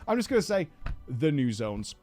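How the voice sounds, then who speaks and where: A man's voice: a little high, big pitch swings, normal speed, a little mellow, soft background music. A man casually reporting on a game press event, chatty and hedging, with frequent fillers. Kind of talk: casual video commentary.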